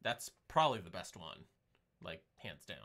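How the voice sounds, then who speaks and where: A man's voice: sits low, big pitch swings, normal speed, fairly bright tone. A man co-hosting a casual film podcast, joking in crude banter and laughing often. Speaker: podcast co-host.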